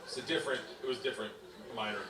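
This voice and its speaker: A man's voice: medium pitch, fairly even intonation, racing, a crowd in the background. A man in his forties telling a rowdy stand-up story, laughing and bellowing his punchlines. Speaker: stand-up comedian. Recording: stand-up clip played back in an echoey room from far off.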